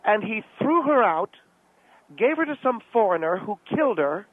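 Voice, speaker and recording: Man putting on a haughty high-pitched society lady. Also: big pitch swings, normal speed, background noise. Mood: gushing. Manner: haughty, gushing, calls people darling. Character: pompous gossiping American society lady, middle-aged. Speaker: guest character on radio show. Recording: tinny phone line.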